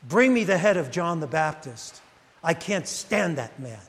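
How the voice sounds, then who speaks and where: A man's voice: on the high side, sing-song, unhurried, a bit bright, big-room sound, voice pushed down, full character voice. A man voicing a spiteful queen who coldly demands an enemy's death, in a sermon retelling. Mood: scornful. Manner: cold, scornful. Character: spiteful queen scheming revenge.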